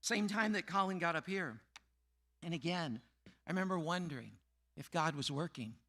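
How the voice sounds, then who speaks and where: A middle-aged man preaching a sermon, telling a personal story and acting out the voices of the people in it. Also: moderate pace. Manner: storytelling, acting out quoted voices, drops low and quiet for sad parts.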